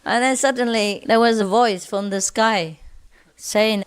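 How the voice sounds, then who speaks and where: A woman's voice: on the high side, measured pace, clear, resonant tone. A woman spiritual teacher telling humorous stories to a group, playful and often laughing. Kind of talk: humorous storytelling lecture.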